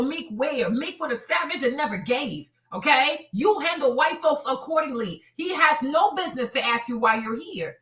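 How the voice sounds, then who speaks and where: A woman's voice: sits high, animated, normal speed, few pauses, fairly bright tone, roomy sound. A woman hosting a live stream, ranting in a heated, profane, repetitive way. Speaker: streamer host.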